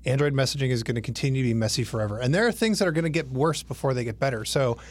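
A man's voice: medium pitch, rapid-fire, a little hiss or hum. Man co-hosting a casual tech podcast. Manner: explanatory, loose, with fillers and restarts. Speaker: podcast co-host.

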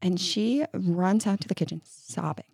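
A woman's voice: on the low side, moderate pace, vocal fry, a little mellow, husky, no room sound, clean studio sound. A woman co-hosting a podcast, chatting casually, laughing often and telling stories with animation. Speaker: podcast co-host. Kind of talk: casual chat.

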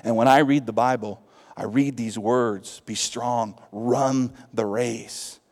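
A man with a Texas accent, a pastor preaching a lively sermon in a church, swinging from loud calls to hushed asides. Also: mid-range voice. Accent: Texan. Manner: lively preaching with big swings in loudness, asides and quick jokes. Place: church sanctuary. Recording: long hall reverb.

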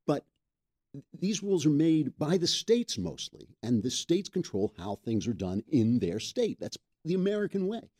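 A man's voice: fairly high pitch, very animated, normal speed, darkish tone. A man hosting a political talk show, chatting casually and wryly, often laughing at his own jokes. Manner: wry, joking, laughs often. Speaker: podcast host. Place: makeshift studio.

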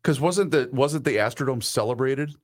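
A man's voice: mid-range voice, moderate pace. A man co-hosting a casual radio talk show, laughing often and telling anecdotes. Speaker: co-host.

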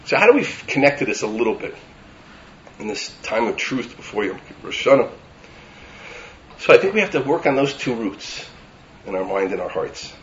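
Rabbi preaching, expressive lively delivery, faint ambient noise. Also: male voice, mid-range voice, a little fast, pauses often, muffled recording. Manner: animated, rising to emphatic lists. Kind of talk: sermon.

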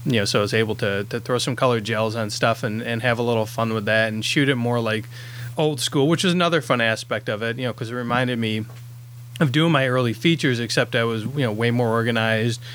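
A man's voice: mid-range voice, fairly quick, a bit bright, a little hiss or hum. A man who directs independent films, talking in a casual podcast chat, rambling with lots of fillers and restarts.

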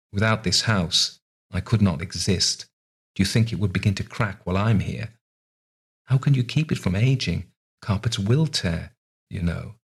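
A man playing a young officer in a storybook, curt and nervous. His replies are clipped and low, with a husky edge.

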